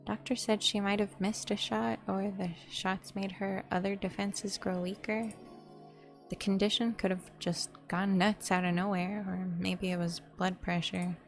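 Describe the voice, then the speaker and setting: A woman's voice: medium pitch, lightly acted. A blunt, short-tempered grieving bartender, as a woman reads it aloud.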